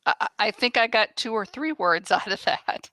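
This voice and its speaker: Woman co-host, bright crisp tone, dry close sound, reads messages plainly. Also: medium pitch, animated, moderate pace, no echo. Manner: brief, plain read-outs of messages. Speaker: co-host reading viewer questions.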